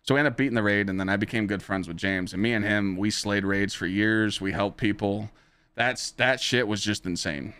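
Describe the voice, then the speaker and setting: A man hosting his own podcast, telling stories casually to a live chat in an animated, profane way, his pitch jumping high when he relives exciting moments. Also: moderate pace, clear, resonant tone. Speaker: podcast host and streamer.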